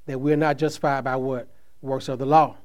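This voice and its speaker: A man preaching a sermon, speaking with slow emphatic stresses that trail off softly at phrase ends, with casual asides between. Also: mid-range voice, flat delivery. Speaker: pastor.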